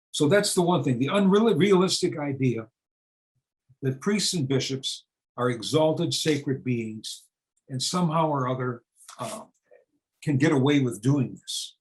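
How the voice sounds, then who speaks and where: Older American man, halting and plain-spoken. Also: a little high, low-quality recording. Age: 70s. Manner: conversational and searching, with frequent restarts and fillers; plain-spoken, rhetorical questions answered himself. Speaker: speaker on church reform. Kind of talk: unscripted talk to an audience.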